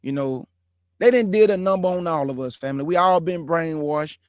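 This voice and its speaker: A man with a fairly high pitch hosts his own show, talking briskly and directly to viewers in an earnest, impassioned monologue that grows heated and emphatic. He calls his audience family, brother, and bruh. The audio is studio quality with no echo.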